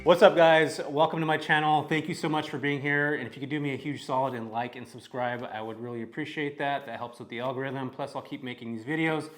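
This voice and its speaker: This is a young man from California in a casual vlog, speaking to camera at an everyday middle pitch. He is upbeat and chatty, with a relaxed, conversational delivery. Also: fast talker, few pauses. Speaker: real estate vlogger.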